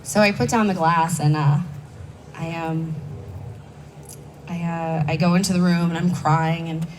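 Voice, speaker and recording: Her voice is fairly low, a little mellow, steady and unhurried as she candidly tells her story at a recovery meeting. Speaking conversationally from a conference hall stage, the young woman adds self-mocking asides. A distant mic captures her along with faint background noise.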